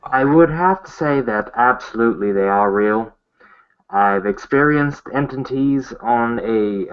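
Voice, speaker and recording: Man, mid-pitched, deadpan, crude, lo-fi call sound. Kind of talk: casual group video chat.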